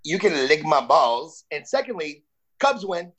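Sports radio co-host, man, rambling joker, provocative, slightly high voice. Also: big pitch swings, measured pace, a loud crowd, poor audio. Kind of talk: casual sports radio banter.

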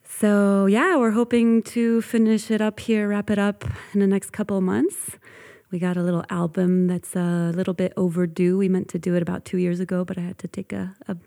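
A woman singer chatting as a guest, soft-spoken and thoughtful, laughing easily. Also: mid-range voice, level tone, brisk, gravelly. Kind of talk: casual interview chat.

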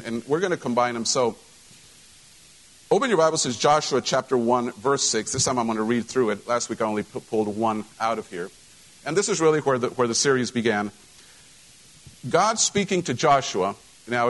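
A middle-aged male pastor preaching a sermon, animated, repeating phrases and asking rhetorical questions. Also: mid-range voice, low-quality recording.

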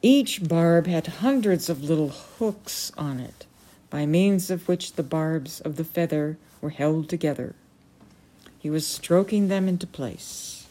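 A woman reading a novel aloud as a storyteller, measured and unhurried. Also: low-pitched, warm tone.

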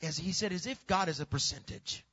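A high-voiced man preaches a sermon, dropping to a hush and then rising to a shout while he repeats words for emphasis. His voice is bright with a husky grain. The recording sounds dull and lo-fi. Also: a little fast. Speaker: pastor.

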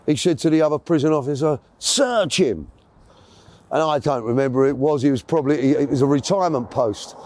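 A man spins a long story as an interview guest, chatty and rambling, often stopping to correct himself. His voice sits slightly high for a man and sounds soft and mellow. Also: fairly even intonation, fast talker, few pauses. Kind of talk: casual storytelling.

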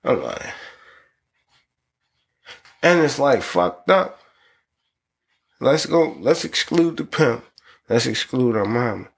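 Podcast host, man, gravel in the voice, mid-range pitch, profane and rambling. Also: slow, pauses often. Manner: profane, rambling, swings into loud excited laughter. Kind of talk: casual chat.

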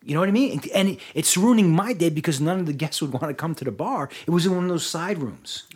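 A man's voice: fairly high pitch, quick pace. A man co-hosting a casual talk show, telling a bartending story with lots of swearing and acted-out dialogue. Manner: animated, profane storyteller acting out dialogue. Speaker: podcast co-host.

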